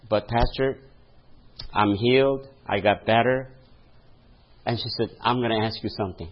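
A man's voice: on the low side, moderate pace, long pauses, lo-fi sound. A male pastor preaching a sermon, telling a story and laughing at his own stories, calling out to the congregation for a response. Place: church.

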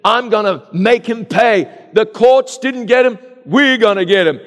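A man's voice: high-pitched, unhurried, voice pushed up. Man playing bitter vengeful man, raised threatening voice, hall echo. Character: angry vengeful man bent on revenge. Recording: long echo of a large hall.

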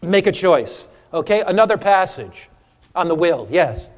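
A man teaching an interactive sermon to a church audience, humorous and animated, quizzing listeners for Bible verses. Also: sits high, unhurried, long reverb tail. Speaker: preacher teaching a seminar. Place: church or hall before a live audience.

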